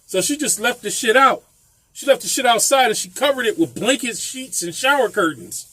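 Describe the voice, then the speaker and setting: A man's voice: extremely high pitch, lively intonation, moderate pace, sharp tone, husky, dry recording. A man casually telling a profane story, laughing often. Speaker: vlogger telling a landlord story.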